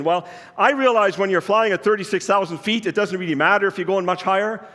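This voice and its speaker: A man with a high voice preaches in a church sanctuary, telling a personal story in an easy, earnest way. His voice trails off into a long hall reverb. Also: brisk, bright, forceful tone. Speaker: pastor. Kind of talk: sermon.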